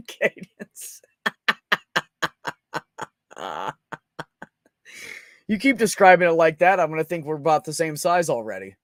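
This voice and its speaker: A man's voice: a little high, very animated, slow, long pauses, no echo, clean studio sound. A young man hosting a casual livestream, crude and joking, laughing often as he reads chat. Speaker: livestream host.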